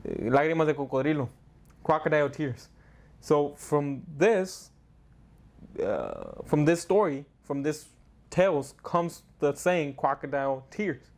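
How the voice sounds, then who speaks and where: A man hosting a casual explainer show, chatty and joking, often restarting his sentences. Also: on the high side. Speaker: host.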